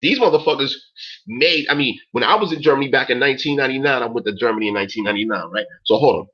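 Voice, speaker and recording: A man's voice: medium pitch, very fast, sharp tone. A man in his forties hosting a talk stream, ranting in an emphatic, profane way and peppering his speech with "yo" and "man". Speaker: host. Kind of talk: casual rant on a talk stream. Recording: dull lo-fi recording.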